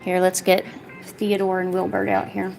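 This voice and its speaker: A woman's voice: mid-range voice, completely flat delivery, moderate pace, vocal fry, over music. A woman chatting casually on an art livestream, playfully scolding her cat in a mock-stern voice.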